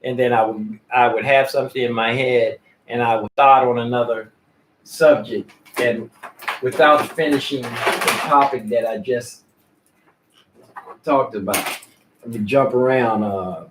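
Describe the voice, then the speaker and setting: A man's voice: mid-range voice, steady tone, a little slow, noisy background. A man casually vlogging at home, rambling and jumping between topics with many restarts.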